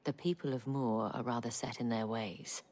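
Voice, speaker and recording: A woman's voice: fairly even intonation, normal speed, a little mellow, no echo. An actress voicing a shrewd, guarded woman who trades in favors, speaking formally and measuredly in a video game. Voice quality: husky, gravelly, low.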